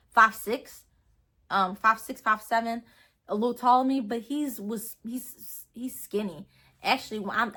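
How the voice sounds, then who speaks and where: A woman's voice: on the high side, pushed and bright. A young woman vlogger telling a personal story in a rambling, earnest way, full of fillers and restarts. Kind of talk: storytime vlog.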